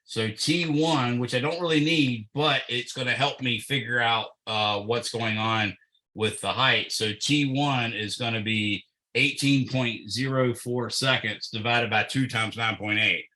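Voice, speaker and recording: A man's voice: mid-range voice, a little slow, pushed and bright, rough recording. A man tutoring physics, working through a problem step by step and thinking aloud with fillers.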